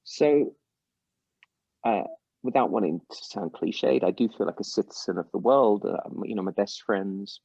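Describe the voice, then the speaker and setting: A middle-aged man with an English accent, a musician guest telling stories with animated voice jumps. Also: unhurried, gravelly, husky, no echo, dull audio. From England. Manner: animated storyteller, mimics voices with big pitch jumps. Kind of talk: casual interview over a call.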